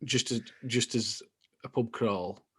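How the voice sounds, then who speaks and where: A man's voice: mid-range voice, slow pace, breathy edge. Easygoing man, rambling. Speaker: podcast co-host. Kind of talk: casual chat.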